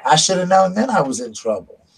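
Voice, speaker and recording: A man's voice: sits high, sing-song, brisk, vocal fry, slight background noise, low-quality recording. A man, casually telling stories on his vlog and laughing at them. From United States. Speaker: vlogger. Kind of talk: casual storytelling.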